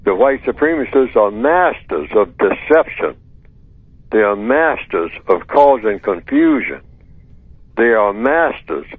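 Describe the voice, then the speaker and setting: A man on call-in radio explaining his point emphatically and deliberately, asking himself rhetorical questions. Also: mid-range voice, no echo. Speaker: radio guest answering a listener question. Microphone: telephone. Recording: dry, tinny phone line.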